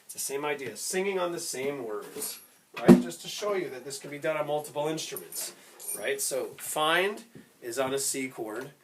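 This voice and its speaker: A man teaching a step-by-step music lesson who explains slowly, keeps checking in with "right?" and breaks into short sung snippets. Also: mid-range voice, lively intonation, very noisy. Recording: loud instrument playing behind the voice.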